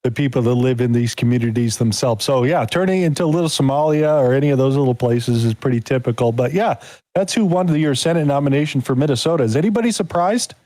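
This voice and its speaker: A man's voice: medium pitch, fast talker, warm tone, dry recording, low-quality recording. A man hosting a live podcast, talking politics in a rambling, casual way with lots of fillers. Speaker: podcast host.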